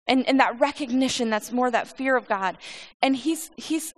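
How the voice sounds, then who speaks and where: A woman's voice: high-pitched, moderate pace. Earnest woman teaching scripture. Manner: earnest, repeats and restarts words. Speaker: Bible teacher.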